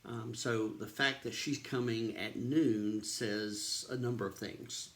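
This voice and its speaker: A man's voice: lowish voice, steady tone, takes it slowly, fairly bright tone. A man, a pastor casually retelling a Bible story in a devotional, with many ums and uhs.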